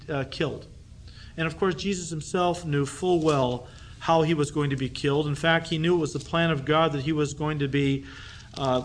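Man teaching a conversational sermon. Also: a little high. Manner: conversational, emphatic Bible teaching with rhetorical questions. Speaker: pastor.

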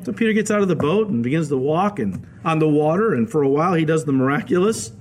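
A male pastor giving a radio Bible teaching sermon, telling the stories in a lively way and acting out the quoted voices. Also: on the high side, fast, slight background noise. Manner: animated storytelling, acts out quoted voices.

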